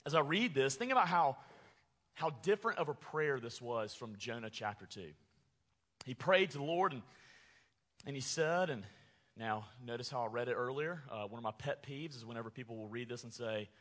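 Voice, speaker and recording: A man preaching a sermon as pastor, animated, acting out angry quotes with sarcasm. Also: mid-range voice, moderate pace, in a large hall.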